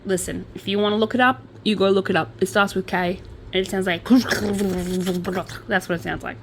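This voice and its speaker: Woman podcast host, casual, reads news aloud, chatty, self-deprecating, medium pitch, faint hiss. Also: fairly even intonation, fast talker. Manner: chatty, self-deprecating, stumbles over names; crochets while talking.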